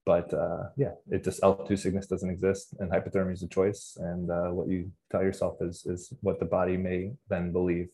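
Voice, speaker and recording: A man who is a Marine officer, a podcast guest explaining his thinking in a measured way with "uh" pauses. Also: low-pitched, monotone, mellow. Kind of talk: conversational interview.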